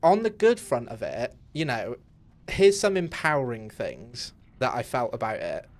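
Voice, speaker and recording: A young gaming streamer talks from his home setup while playing, rambling candidly with lots of fillers and restarts. His medium-pitched voice swings widely in pitch, and he speaks at a measured pace in this casual live-stream chat.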